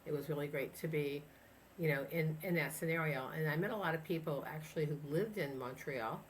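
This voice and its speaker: A woman's voice: sits low, brisk, slight background noise. A woman in her sixties from the United States, a chiropractor telling travel stories in a casual interview, rambling with many fillers and restarts. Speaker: guest chiropractor.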